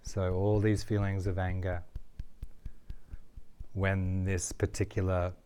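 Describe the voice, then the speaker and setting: A man with an Australian accent leads a guided tapping session in a low, mellow voice. He talks slowly and steadily and says each phrase so the listener can repeat it after him. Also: slight background noise. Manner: calm, slow guiding voice, speaks phrases for the listener to repeat. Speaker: tapping therapy teacher.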